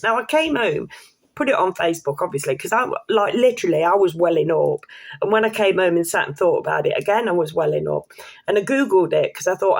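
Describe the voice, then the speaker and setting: A woman telling a personal story to camera in a chatty, excitable way, with casual swearing and slang. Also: mid-range voice. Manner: chatty, excitable, laughs while telling stories. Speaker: vlogger.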